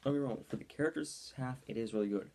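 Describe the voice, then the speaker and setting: A man's voice: medium pitch, very fast, gravelly, mellow, slight background noise. A young man giving a casual movie review in a rambling style, full of ums and likes.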